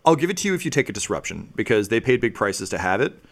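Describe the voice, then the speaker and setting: Low-voiced man running a tabletop game. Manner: relaxed, many fillers and pauses while narrating. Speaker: game master.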